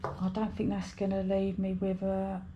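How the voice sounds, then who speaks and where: A woman's voice: mid-range voice, monotone, moderate pace, mellow, lo-fi sound, a little hiss or hum. A British woman chatting casually to camera while budgeting, rambling and talking to herself. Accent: British English. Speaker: budgeting vlogger. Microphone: overhead camera mic.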